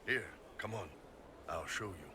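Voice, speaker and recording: A man voicing a soldier and commander in a video game, speaking in a steady, assured way. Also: on the low side, measured pace, slight background noise. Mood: casual. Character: gruff male soldier and commander.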